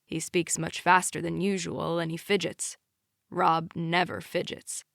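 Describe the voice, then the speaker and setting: A woman narrating a romance audiobook in the first person, with steady, unhurried storytelling. Her voice is on the low side. The sound is dry and close. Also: vocal fry, no echo.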